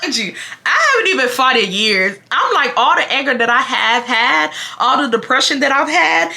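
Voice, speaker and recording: A woman in her twenties from Houston, Texas, telling a casual storytime vlog in a dramatic way that swings from loud reenactment to quiet asides. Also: sits high, sing-song, normal speed, creaky, a little hiss or hum. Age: 20s. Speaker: storytime vlogger.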